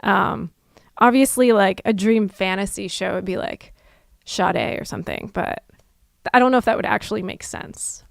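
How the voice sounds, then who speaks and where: A young adult woman, a musician, chatting casually and reflectively on a livestream, with frequent fillers and soft laughs. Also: medium pitch, lively intonation, normal speed, creaky, no room sound, studio quality.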